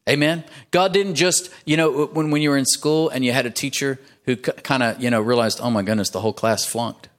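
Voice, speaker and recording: A man's voice: mid-range voice, fairly quick. A man pastor preaching a sermon in a church, emphatic, punctuating his points with "amen" and rising for emphasis.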